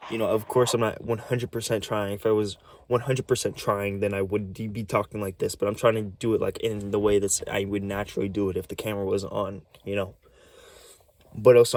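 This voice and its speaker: Man, low voice, nervous, stammering, restarts words, pitch swinging up and down, casual vlog. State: nervous and shaky. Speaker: vlogger.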